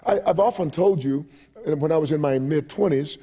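A man's voice: on the high side, a little fast, warm tone, husky. A man in his forties preaching a sermon while he has a cold, reading scripture aloud and repeating phrases for emphasis. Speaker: pastor.

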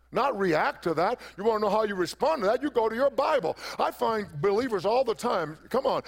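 A man's voice: high voice, gravelly. A man preaching a sermon as pastor, emphatic and repeating phrases for effect.

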